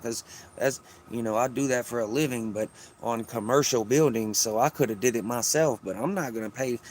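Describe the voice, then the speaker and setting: A man's voice: mid-range voice, brisk, a little hiss or hum. A man chatting casually on a phone stream from home, rambling and swearing his way through a story. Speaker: vlogger. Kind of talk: casual livestream chat.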